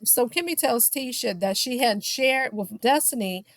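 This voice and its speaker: Sassy higher-voiced woman recapping gossip. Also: unhurried, no echo, studio quality. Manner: sassy, shady asides, keeps saying "child"; mimics the people she quotes. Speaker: reality TV recap commentator.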